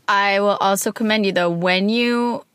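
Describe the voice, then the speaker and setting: A woman co-hosting a casual chat with her partner, candid and expressive, acting out her own outbursts as she talks. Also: mid-range voice, normal speed, smooth, no echo. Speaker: podcast co-host talking with her partner.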